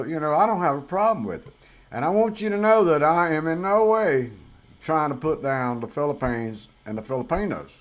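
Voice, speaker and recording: A man with a Southern US accent, a channel host talking frankly and bluntly to camera in a casual monologue. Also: on the high side. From southern United States. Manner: frank, plain-spoken, blunt.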